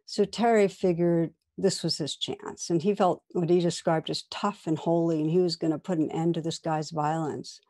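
A woman who teaches meditation gives a dharma talk, recounting a story in a deep, steady voice. She speaks gently and deliberately, at times lowering to a soft whisper.

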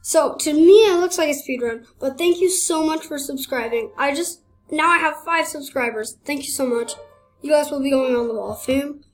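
Hosting her gaming channel, a young woman gives casual gameplay commentary, getting excited, exclaiming and laughing as she plays. Her voice is high and moves at a normal speed over soft background music.

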